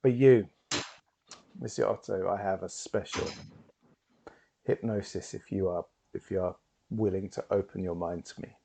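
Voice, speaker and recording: A man's voice: low voice, fairly even intonation, normal speed, gravelly, pauses often, a little hiss or hum. A man playing a grandiose stage hypnotist. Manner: theatrical announcer voice, rising and loud. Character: showy male stage hypnotist, grand and smooth.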